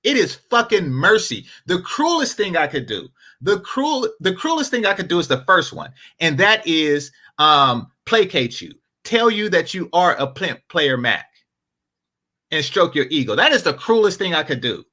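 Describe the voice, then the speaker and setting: A man giving casual commentary, an animated storyteller who swears freely. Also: on the high side, normal speed. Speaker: panel commentator.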